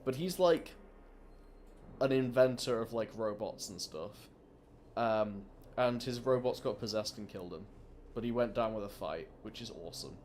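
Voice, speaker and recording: A man with a fairly low voice talks through a video game in loose, rambling commentary. He restarts sentences often and leans on fillers, with faint noise underneath. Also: moderate pace, a little mellow. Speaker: let's play host. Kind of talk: casual gameplay commentary.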